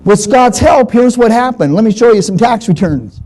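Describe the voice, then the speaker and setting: A man's voice: high-pitched, normal speed, low-quality recording. A man speaking at a live seminar, telling stories and acting out the dialogue in a folksy way that repeats points for emphasis. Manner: storytelling, animated, acts out dialogue. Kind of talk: live seminar talk to an audience.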